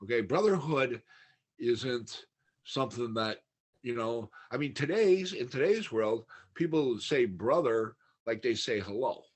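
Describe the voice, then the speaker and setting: A husky, slightly breathy middle-aged man chatting on a podcast. He rambles through stories, laughs as he goes and slips into the voices of the people he quotes. His pitch sits in an ordinary male middle range. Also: lively intonation, unhurried. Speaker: podcast guest. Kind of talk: casual storytelling chat.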